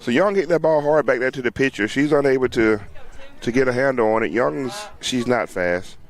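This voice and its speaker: A man giving casual, chatty play-by-play of a youth softball game outdoors, often laughing and talking to viewers and players. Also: medium pitch, moderate pace. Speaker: sideline livestream commentator.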